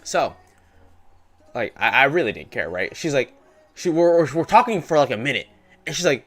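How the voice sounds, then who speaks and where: A man's voice: medium pitch, very animated, normal speed, pauses often, fairly bright tone. A young man live-streaming his day trading, chatting casually in slangy, rambling talk that keeps coming back to "bro". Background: faint music playing.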